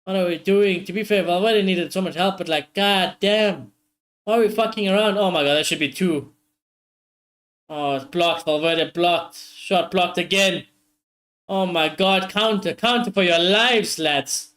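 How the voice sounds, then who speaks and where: A high-voiced man streams a live football watchalong. He reacts loudly to every chance, swears freely and keeps calling out to his viewers. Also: unhurried. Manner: excitable, swears often, talks straight to viewers.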